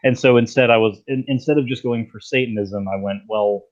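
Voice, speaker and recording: A man's voice: mid-range voice, a little fast, muffled recording. A man as a guest in a casual debate, speaking bluntly and emphatically.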